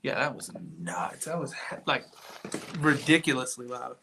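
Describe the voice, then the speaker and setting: A man investigating an old building, talking excitedly and rambling with lots of fillers, sometimes dropping to a whisper. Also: mid-range voice, moderate pace, background noise. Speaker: paranormal investigator. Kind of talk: live on-location ghost hunt. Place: walking through an old building indoors.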